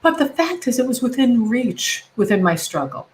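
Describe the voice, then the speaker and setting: A woman's voice: a little high, sing-song, moderate pace, low-quality recording. A middle-aged American woman comedian, talking passionately and rambling with many self-corrections over a video call. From United States. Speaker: comedian guest. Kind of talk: casual video-call conversation.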